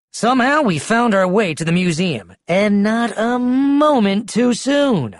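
A reader telling a picture book story aloud in an expressive, animated way. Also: mid-range voice, a little slow, hardly any pauses, no echo, clean studio sound.

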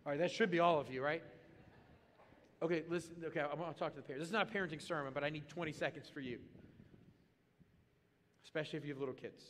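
A man preaching a sermon as pastor, animated and comic, swinging into loud excited bursts. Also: a little high, fast talker, pauses often, slight background noise. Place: church auditorium. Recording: long reverb of a large hall.

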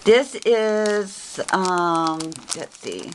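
A woman's voice: medium pitch, very slow, a little hiss or hum. A woman showing off her crafts in a casual unboxing, gushing and repeating how cute each piece is. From Texas. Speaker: craft vlogger. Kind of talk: casual unboxing show-and-tell.

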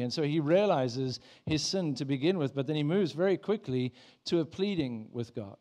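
A man's voice: a little high, animated, moderate pace, few pauses, warm tone. A man preaching a sermon in church, talking in a conversational way, with many restarts and prayers he acts out in the first person. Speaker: pastor.

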